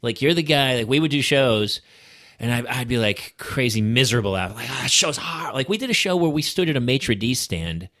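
Lively self-mocking man in his fifties. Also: mid-range voice, brisk. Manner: self-deprecating, lively, mimics people in his stories. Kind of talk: casual chat.

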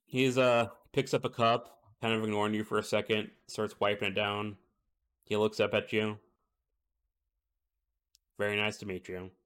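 A man's voice: fairly low pitch, completely flat delivery, normal speed, a bit bright, clear, resonant tone. A man narrating a tabletop game as game master, in a casual way with frequent fillers.

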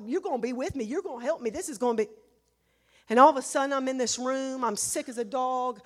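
A woman preaches in a church, her voice sitting high. She tells her story with strong emotion, dropping to near hushes and then surging to loud, emphatic peaks. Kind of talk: sermon with personal testimony.

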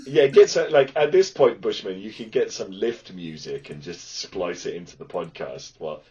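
Animated, sweary man on a podcast. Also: low voice, normal speed, breathy edge. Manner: swears freely, animated and laughing. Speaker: podcast co-host. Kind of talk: casual gaming podcast banter. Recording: dull lo-fi sound.

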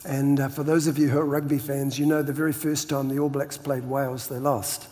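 An older man from New Zealand with a New Zealand accent, telling stories as a pastor guest in a relaxed interview, laughing often and repeating words as he starts his sentences. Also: mid-range voice, a little fast. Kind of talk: storytelling interview chat. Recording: long hall reverb.

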